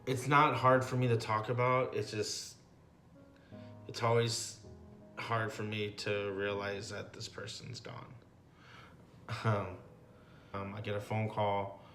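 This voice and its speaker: A young man in his twenties, a graduate student telling his personal story in an interview, speaking haltingly with many pauses and fillers. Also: fairly low pitch, little pitch movement, vocal fry, a bit bright, faint music behind. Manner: halting, reflective, with frequent ums and likes.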